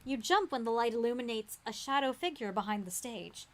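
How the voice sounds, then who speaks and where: A woman acting as game master, reading a gamebook aloud with dramatic suspense that drops to a hush. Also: fairly high pitch, expressive, a little fast.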